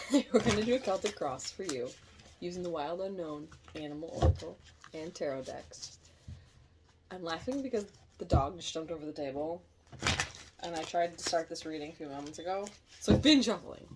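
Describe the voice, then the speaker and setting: A woman giving a casual tarot reading, chatty and thinking aloud, quick to laugh. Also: on the low side, lively intonation, very noisy. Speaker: tarot reader.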